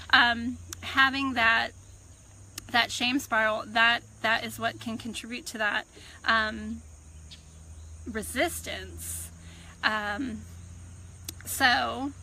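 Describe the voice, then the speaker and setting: A woman, a personal growth coach, giving a calm, reflective self-help talk to camera outdoors on a farm. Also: fairly high pitch, slight background noise, low-quality recording. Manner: calm, reflective, unhurried teaching. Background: birds and crickets.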